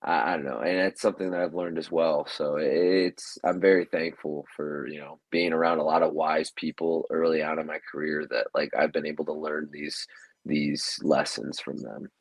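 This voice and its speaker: A man's voice: rumbling low, fairly even intonation, moderate pace, husky, no room sound, rough recording. A man, a professional wrestler, talking casually as a podcast guest, rambling with lots of fillers and restarts. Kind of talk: casual interview talk.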